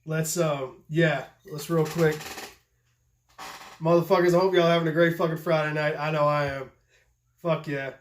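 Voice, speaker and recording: A man's voice: a little high, steady tone, normal speed, pauses often. A man talking casually and profanely about knife tests, stammering often and sounding a little tipsy from shots. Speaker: knife tester and maker. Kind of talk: casual vlog talk. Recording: echoey room.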